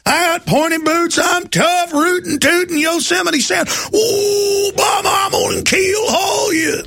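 A man impersonating a loud, boastful cowboy politician who whoops and shouts. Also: very high voice, fairly even intonation, unhurried, gravelly, pitched above the performer's own voice, full character voice. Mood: whooping bravado. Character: loud swaggering cowboy politician, male, middle-aged, boastful.

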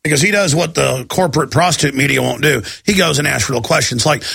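Male talk radio host: fiery and rambling, gravelly and husky, dry close sound. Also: fairly high pitch, quick pace, hardly any pauses, fairly bright tone, no room sound. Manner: rambling, emphatic ranting.

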